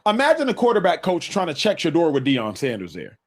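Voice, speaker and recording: A man's voice: fairly high pitch, huge pitch swings, a little fast. A man on a sports debate show, making provocative points with folksy analogies. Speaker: sports TV panelist.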